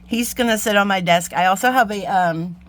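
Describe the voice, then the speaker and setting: A woman's voice: mid-range voice, fairly quick. A woman hosting a jewelry-making channel, chatting casually and gushing as she unboxes beads, with frequent ums and gasps.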